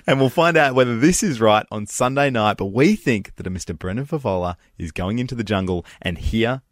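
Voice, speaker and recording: A man co-hosting a breakfast radio show, excitable and playfully exasperated as he banters. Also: mid-range voice, moderate pace.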